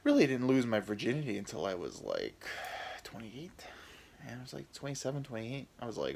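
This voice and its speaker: A man in his thirties rambling through a comic story on his own podcast, his pitch bouncing around with lots of expression. He's self-deprecating and anxious, stumbling over fillers and restarts as he goes. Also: very animated, a little fast, vocal fry. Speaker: podcast host.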